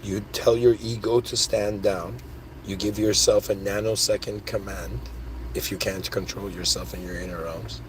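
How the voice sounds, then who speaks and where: A man hosting his own podcast, rambling excitedly through spiritual ideas in a casual monologue, full of "dude" and "like". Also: fairly low pitch, moderate pace, a little hiss or hum. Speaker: podcast host.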